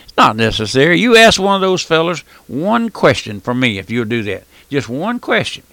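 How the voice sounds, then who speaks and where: A man's voice: fairly high pitch, sing-song, moderate pace, pushed and bright, dry recording. A man preaching a folksy radio sermon, emphatic and full of rhetorical questions.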